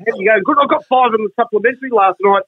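A man rambles through jokes, repeating himself. His voice is high and husky, and it comes through a dull, dry, muffled line. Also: rapid-fire, dry recording. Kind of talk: casual storytelling banter.

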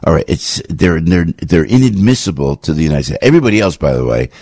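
A man's voice: low-pitched, big pitch swings, fast talker, a little mellow, breathy edge, no echo, studio quality. A man hosting a talk radio show, giving rambling, indignant commentary with lots of restarts.

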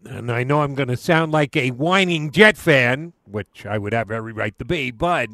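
A man's voice: mid-range voice, lively intonation, moderate pace, pushed and bright, dry recording. A male sports radio host asking a guest long, conversational questions.

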